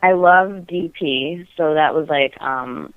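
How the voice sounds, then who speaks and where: Taking it slowly, a deep-voiced woman with a clear, resonant tone tells a personal story as a podcast guest. She's candid and giggly, filling gaps with "like," recorded on tinny, phone-like dry audio with no room sound.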